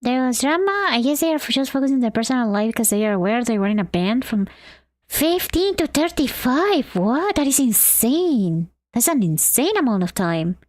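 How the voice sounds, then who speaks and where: A woman's voice: a little high, big pitch swings, moderate pace, no room sound, studio quality. Bubbly chatty woman streamer. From Argentina. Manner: bubbly, chatty, greets and answers chat. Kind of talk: casual live-stream chat while drawing.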